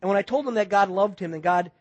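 A middle-aged male pastor preaching a sermon, telling a story that moves between loud excited passages and hushed, intense moments. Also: high-pitched, fast, breathy edge, lo-fi sound.

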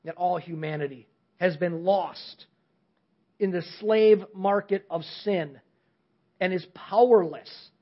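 A man's voice: sits high, slow. Earnest man preaching, dull recording. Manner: earnest storytelling, frequent restarts, drops to a hush at key points. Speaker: pastor. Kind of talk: sermon with illustrative story. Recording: slightly dull lo-fi sound.

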